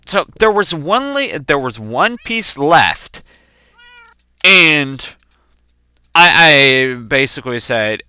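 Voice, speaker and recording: A young man rambling through profane, animated personal anecdotes while playing a video game. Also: medium pitch, takes it slowly, clean tone, no echo. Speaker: let's play gamer. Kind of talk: casual storytelling while gaming.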